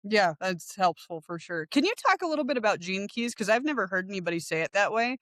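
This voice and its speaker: A woman's voice: mid-range voice, expressive, fast talker, a bit bright, dry recording, clean studio sound. A woman hosting a podcast interview, asking questions in a loose, conversational way. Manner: conversational, asks questions in loose, searching phrasing. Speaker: podcast host.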